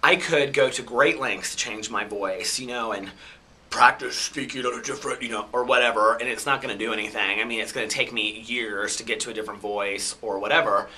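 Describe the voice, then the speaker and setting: Midwestern guy, effeminate twangy voice, super bright sharp tone, chatty candid vlog talk. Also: mid-range voice, steady tone, brisk. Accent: Midwestern American. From Chicago, US Midwest. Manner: reflective and candid, chatty storytelling. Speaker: vlogger. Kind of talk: casual personal vlog monologue.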